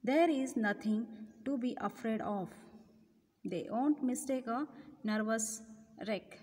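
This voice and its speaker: A brave, reassuring young mongoose, read by a woman, steady and fairly high. The voice echoes in a reverberant room. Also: slow.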